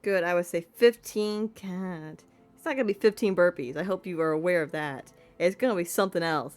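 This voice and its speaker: A woman streamer chatting playfully while she plays a game and talks to her cat. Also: on the low side. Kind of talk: casual gameplay commentary.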